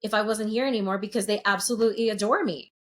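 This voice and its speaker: A woman's voice: mid-range voice, fast talker. A woman in her late thirties, a sound healer speaking as a podcast guest, telling her story openly and earnestly and swearing freely. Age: late 30s. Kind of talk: candid podcast conversation.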